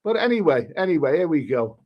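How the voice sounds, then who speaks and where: A man's voice: fairly high pitch, very animated, quick pace, dull audio. A man, hosting a live stream and rambling through crude commentary with many restarts. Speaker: livestream host.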